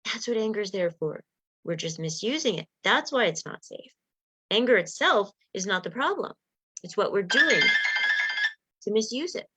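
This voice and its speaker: A woman's voice: medium pitch, animated, normal speed, pushed and bright, slightly rough, faint music behind. A woman life coach teaching a self-help workshop in an earnest, conversational, encouraging way. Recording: slightly muffled, dull sound.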